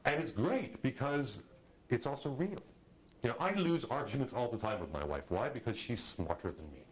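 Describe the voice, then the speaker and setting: A middle-aged man teaching a film directing class, talking in a lively, conversational way and acting out quotes. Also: mid-range voice, moderate pace, low-quality recording. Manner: animated, conversational, acts out quotes. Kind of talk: lecture to a class.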